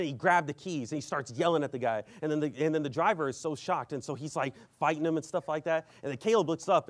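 A man preaching a sermon and telling a story, rambling and filling his speech with "you know". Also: on the high side.

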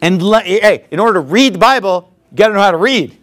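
A male pastor preaching with a high, lively voice that leaps up and down in pitch. He delivers the sermon animatedly, mixing scripture with mocking jabs and laughter. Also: fast talker.

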